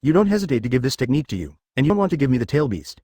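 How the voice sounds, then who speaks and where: Man voicing a confident young martial artist, sly and brisk, animated delivery. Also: medium pitch, slightly rough, no room sound, studio quality.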